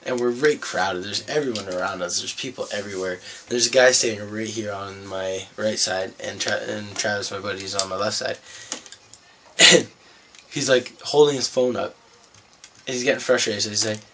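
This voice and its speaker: A man's voice: fairly low pitch, normal speed, bright, forceful tone, a little hiss or hum. A young man from Canada vlogging, telling a rambling, profane story in a laid-back way. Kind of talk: casual storytelling vlog.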